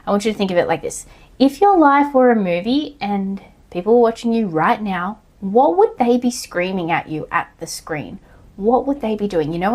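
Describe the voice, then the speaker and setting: A woman, talking through a solo coaching podcast in a blunt, casual way, swearing now and then and yelling out acted lines. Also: medium pitch, lively intonation, brisk. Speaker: online coach and physiotherapist.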